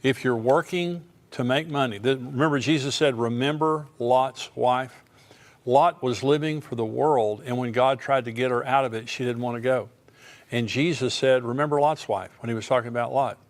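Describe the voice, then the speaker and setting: An older man preaching a sermon on prophecy, reading scripture aloud and then explaining it in plain, conversational asides. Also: medium pitch. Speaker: pastor.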